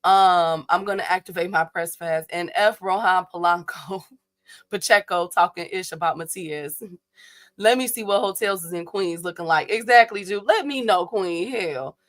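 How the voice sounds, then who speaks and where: Young woman streamer, bright voice, animated slangy rant to her viewers. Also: on the low side, moderate pace. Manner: animated, talks straight to her chat viewers, blunt and slangy. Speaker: boxing livestream host. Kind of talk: casual livestream rant.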